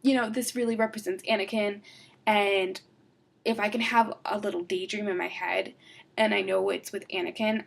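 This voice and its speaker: A woman's voice: medium pitch, gravelly, a bit bright, a little hiss or hum. A young woman from New York with a New York accent, rambling and giggling casually as she answers fan questions for her role-play blog. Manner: rambling, giggly, many fillers and asides. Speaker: Star Wars role-play blogger.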